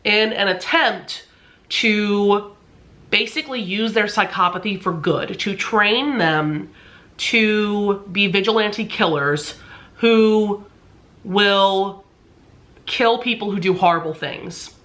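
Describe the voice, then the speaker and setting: A woman's voice: medium pitch, slow pace, fairly bright tone. A congested woman chatting casually in a book vlog, full of fillers. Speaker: book vlogger.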